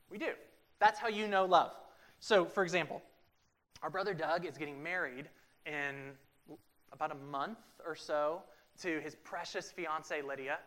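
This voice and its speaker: A pastor preaching a sermon to a congregation in a church room. He swings between loud, emphatic lines and quiet, drawn-out passages. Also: a little high. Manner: acts out quoted everyday talk for illustration.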